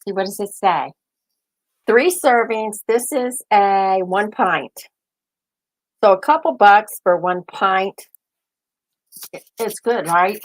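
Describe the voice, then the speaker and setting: A woman's voice: mid-range voice, takes it slowly, pauses often. An older woman hosting a casual live stream, rambling and thinking aloud as she chats. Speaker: host.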